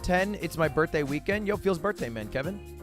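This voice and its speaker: A young man livestreaming and chatting casually with his audience, telling stories in an excited, rambling way with stammering restarts and plenty of swearing. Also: a little high, normal speed, music in the background. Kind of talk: casual chat with a live audience.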